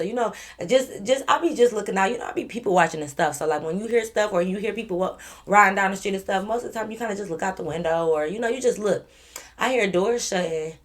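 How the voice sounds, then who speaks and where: Woman, storytime vlogger, casual, blunt, animated, swears a lot, mid-pitched voice. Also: fairly quick. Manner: animated, blunt, swears freely, talks straight to viewers.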